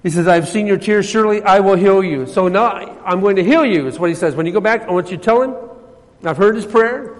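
A preacher man with a high voice delivers a sermon, rising to loud emphasis and dropping to near-hushed tones. His voice rings with the long reverb of a church hall. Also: fairly quick. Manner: swings between loud emphasis and soft, hushed passages. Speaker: pastor.

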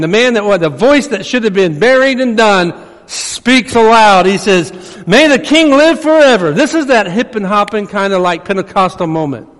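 Pastor guy, high voice, preaching hard then going quiet, long church-hall echo. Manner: emphatic preaching, dropping to hushed low asides. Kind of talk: sermon. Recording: long reverb of a large hall.

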